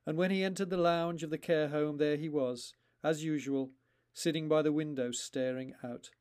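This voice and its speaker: Male author-narrator; deliberate, paused storytelling with a somewhat high voice. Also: steady tone, a little mellow. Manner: slow, deliberate, with pauses between phrases. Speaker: author reading his own story.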